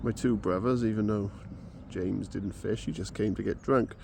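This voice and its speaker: A man's voice: lowish voice, fairly even intonation, normal speed. A man vlogging outdoors at a lake, rambling casually between jokes and fishing talk. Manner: rambling, joke-telling, chatty. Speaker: angling vlogger. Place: lakeside, outdoors. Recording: outdoor recording with clear background noise.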